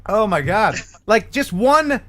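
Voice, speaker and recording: A man's voice: sits high, very animated, slow, heavy background noise. A man hosting a casual live-stream chat, joking and playful as he talks. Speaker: host of a live show.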